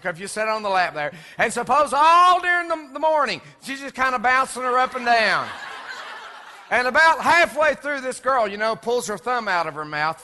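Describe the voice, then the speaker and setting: High, bright-voiced preacher in a reverberant church. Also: male voice, a little hiss or hum. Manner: folksy storytelling, imitating crying babies and pulling in the congregation. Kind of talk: sermon. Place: church sanctuary.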